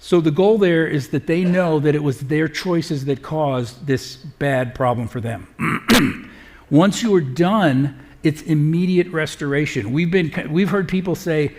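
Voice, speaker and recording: Speaking live to an audience, a middle-aged man talks about parenting in an earnest, conversational way, often using filler sounds. His voice is on the high side and a little mellow, and his pace is measured.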